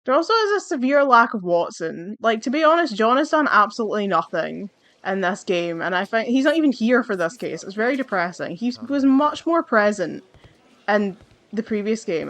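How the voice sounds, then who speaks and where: Woman gamer commenting while she plays: chatty, wry, musing to herself, relaxed and casual. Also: medium pitch, moderate pace. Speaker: gamer playing through a game. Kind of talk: casual let's-play commentary.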